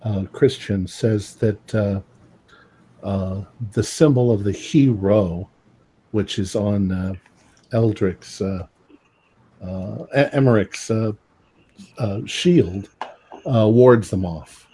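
A man's voice: on the low side, slow pace, pauses often, warm tone, a little hiss or hum. Rambling man running a tabletop game. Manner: rambling, many filler sounds. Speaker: game master.

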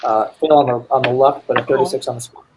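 A man's voice: medium pitch, steady tone, fast, background noise. A man playing a tabletop game, stammering and restarting as he thinks aloud about his moves. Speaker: player.

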